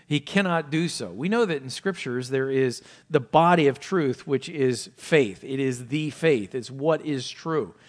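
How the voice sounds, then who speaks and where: A male pastor preaching a sermon, asking rhetorical questions and swinging from loud emphasis down to hushed, low asides. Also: a little slow, few pauses. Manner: asks many rhetorical questions.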